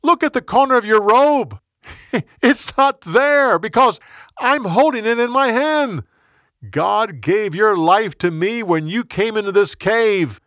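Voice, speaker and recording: A man's voice: sits high, animated, slow, fairly bright tone, no room sound, clean studio sound, voice pushed up, heavily acted. A man voicing a young male hero who pleads earnestly with a king in a storybook tale. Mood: pleading. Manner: earnest, raised and urgent.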